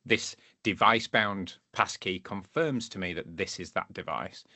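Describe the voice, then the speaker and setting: A man's voice: low voice, measured pace, pushed and bright, dry recording. A man co-hosting a tech podcast, thinking aloud as he weighs convenience against security. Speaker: podcast co-host. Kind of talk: casual tech discussion.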